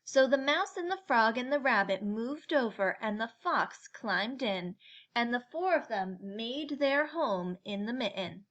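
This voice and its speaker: Slow, bright woman storyteller. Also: fairly high pitch, expressive, dull audio. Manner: slow, gentle read-aloud. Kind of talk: reading a picture book aloud.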